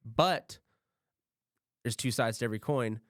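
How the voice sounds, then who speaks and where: A man's voice: medium pitch, a little slow, no room sound, clean studio sound. A man hosting a podcast, telling a rambling story in casual chat, swearing freely and acting out what others said. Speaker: podcast host.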